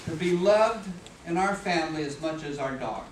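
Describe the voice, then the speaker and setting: A middle-aged man speaks in a fairly high voice, mixing jokes and acted-out voices into a motivational talk at an office meeting. He sounds far from the mic in an echoey room. Steady background noise sits behind him. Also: normal speed. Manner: humorous, animated, acts out voices and sounds.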